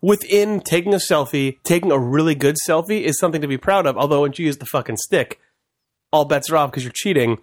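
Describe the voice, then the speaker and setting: A man co-hosting a podcast in casual chat, rambling and excitable, laughing often and swearing freely. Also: a little high, fast, no room sound, studio quality. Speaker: podcast co-host.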